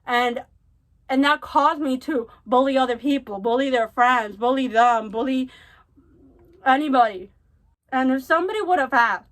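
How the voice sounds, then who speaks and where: A woman's voice: high voice, moderate pace, fairly bright tone. A young woman vlogger sharing a personal story and earnest advice in a confiding, repetitive way. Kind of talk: heartfelt storytime advice vlog.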